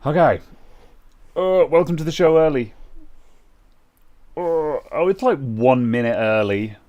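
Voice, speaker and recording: A man's voice: on the high side, expressive, unhurried, darkish tone, dull audio. A young British man co-hosting a casual tech chat, rambling with lots of fillers and restarts. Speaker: co-host.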